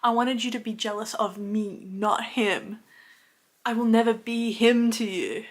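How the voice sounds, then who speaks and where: A woman's voice: on the high side, unhurried. Sulky jealous young man, as a woman reads him.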